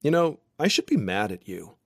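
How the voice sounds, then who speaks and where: A man's voice: medium pitch, sing-song, normal speed, breathy edge, no echo, studio quality. A man voicing a playful, reassuring best friend in an audiobook. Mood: teasing.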